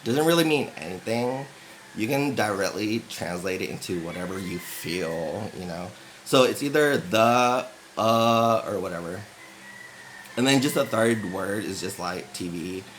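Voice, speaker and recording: Young American man, low unhurried voice, rambling casual storytelling, faint background hiss. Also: lively intonation, a bit bright, low-quality recording. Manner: rambling, full of "like" fillers and laughs.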